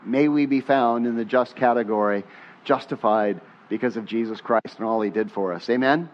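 A man preaching a sermon as pastor, talking with the congregation and having them say lines back to him, his voice rising on questions and dropping soft on prayers. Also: medium pitch, normal speed. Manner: conversational, asks the congregation to repeat lines. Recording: dull muffled sermon recording.

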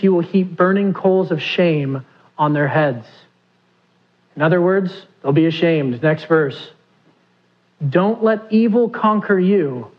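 A man's voice: on the high side, muffled recording. A man preaching a sermon, who asks his listeners questions and acts out the pleas he quotes. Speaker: pastor.

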